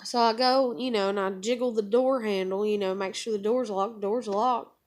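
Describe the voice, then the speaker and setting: A woman's voice: medium pitch, fairly even intonation, normal speed, darkish tone. A woman with a drawl rambles through a personal story and swears freely. She acts out what everyone said in a casual, unscripted way. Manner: rambling, profane, acts out dialogue. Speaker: vlogger telling a personal story.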